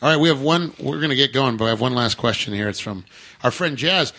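A man hosting a podcast in casual chat, chatty and animated, with frequent halting restarts. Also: medium pitch, vocal fry. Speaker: podcast host.

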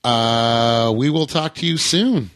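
A podcast host in loose, friendly conversation, a man with a bright, clear tone. He talks in an animated way, often restarting his sentences as he goes. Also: medium pitch. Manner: chatty, animated, halting restarts. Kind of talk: casual chat.

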